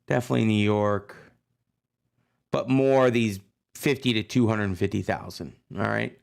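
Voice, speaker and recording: A gravelly-voiced man, giving a relaxed classroom history lecture. He talks loosely and keeps checking in with his listeners. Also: lowish voice, normal speed. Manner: chatty, loose, checks in with "right?". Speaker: history teacher.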